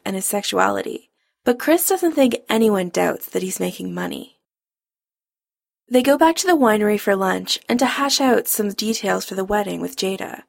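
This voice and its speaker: A woman narrating a romance story in a calm, even storytelling manner. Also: medium pitch, creaky, dry recording, clean studio sound. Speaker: audiobook narrator.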